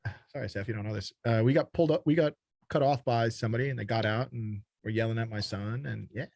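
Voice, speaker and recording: A man's voice: medium pitch, fast, vocal fry, a little mellow, no room sound. A man from Texas, a company founder, talking bluntly and freely in a casual podcast conversation, swearing often. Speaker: guest, startup founder.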